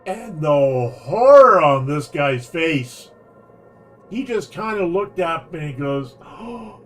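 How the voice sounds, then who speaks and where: A man's voice: fairly high pitch, takes it slowly, faint music behind. Rambling Canadian man telling a story. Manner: rambling, animated anecdote with restarts and laughs. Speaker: streamer. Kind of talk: casual storytelling while gaming.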